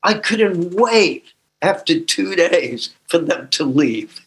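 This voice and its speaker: Older guy, bit of a shake in his voice, talks slow and heartfelt, high and bright. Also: animated. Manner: slow and emotional, with laughter. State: slight voice tremor. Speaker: recovery workshop speaker. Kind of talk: personal sharing talk.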